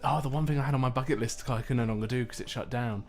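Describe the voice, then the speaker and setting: A young man co-hosting a relaxed radio chat. He is jokey and laughs easily, and faint music sits behind him. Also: mid-range voice, very fast. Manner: jokey, laughs often, does silly impressions. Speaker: radio co-host.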